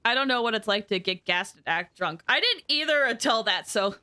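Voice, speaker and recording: A woman's voice: fairly high pitch, animated, brisk, sharp tone. A young adult woman streaming a game, rambling through anecdotes with lots of giggles and fillers. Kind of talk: casual live-stream chat.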